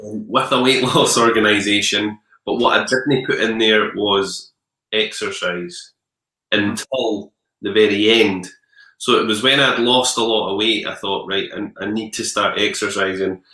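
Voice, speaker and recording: A man's voice: fairly low pitch, fairly even intonation, unhurried, pushed and bright. A man with a Scottish accent hosting a casual interview, agreeable and friendly, sharing stories of his own. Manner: friendly, agreeable, shares anecdotes. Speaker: podcast host. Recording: roomy echo.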